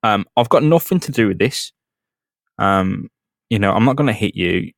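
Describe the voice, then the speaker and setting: A man's voice: fairly low pitch, expressive, moderate pace, vocal fry, no echo, clean studio sound, voice pushed down. A man doing a confused, polite young hero. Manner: hesitant, polite.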